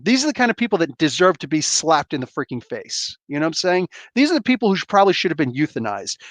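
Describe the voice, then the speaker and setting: A man's voice: fairly high pitch, no room sound. A man in his forties hosting a livestream, ranting bluntly in casual, rambling talk. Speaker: livestream host.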